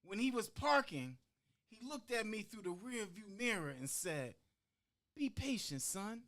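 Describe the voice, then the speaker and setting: A man performing a heartfelt spoken-word monologue about growing up, with rhythmic pauses that land hard on key words and quoted voices acted out along the way. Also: high-pitched, sing-song, a bit bright. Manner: acts out quoted voices within the story. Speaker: podcast guest performing a monologue.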